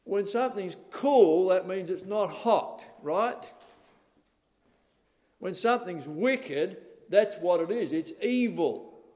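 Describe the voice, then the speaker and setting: Older male preacher, emphatic sermon delivery, slightly high voice, long church reverb. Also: animated, slow. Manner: emphatic, rising to loud stresses, calls of "amen?". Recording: reverberant hall.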